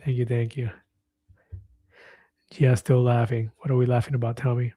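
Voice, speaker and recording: A man's voice: mid-range voice, little pitch movement, moderate pace, warm tone, slightly rough, no echo. A man in his fifties hosting a casual livestream, chatting and reading viewer comments aloud, laughing easily. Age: 50s. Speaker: livestream host.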